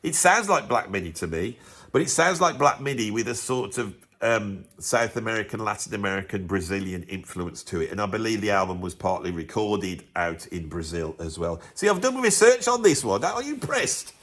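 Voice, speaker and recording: A man, a drummer, talking through an album list in a blunt, animated, casual review with lots of restarts. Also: deep voice, moderate pace.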